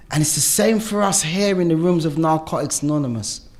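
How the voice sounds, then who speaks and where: A man's voice: fairly high pitch, a little fast, darkish tone. A man speaking at a recovery meeting, telling a personal share and a story, earnest and full of "you know" and "yeah?" asides.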